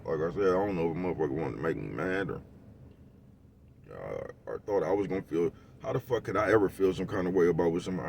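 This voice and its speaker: A man with a lowish voice rants at a rapid clip, rambling in thick slang and breaking into laughs. He sits in a vehicle some way from the mic, with a faint hum of the road behind him. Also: gravelly, distant mic. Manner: rambling, heavy slang, keeps asking "you know what I'm talking about"; laughs often, gets loud and heated. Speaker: vlogger. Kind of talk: casual rant to camera.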